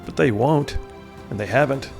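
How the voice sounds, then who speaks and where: A man's voice: mid-range voice, normal speed, vocal fry, a little mellow, soft background music. A man hosting a scripted political commentary, emphatic and full of rhetorical questions and folksy asides.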